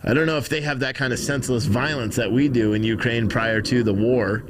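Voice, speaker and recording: A man's voice: mid-range voice, fairly even intonation, brisk, background noise. A man from the United States hosting a live stream, giving loose, casual commentary and talking to his chat.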